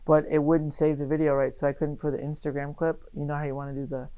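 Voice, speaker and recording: A young adult male comedian chatting casually on a podcast, dry and deadpan with sarcastic asides. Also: fairly high pitch, fast talker, smooth, highs cut off.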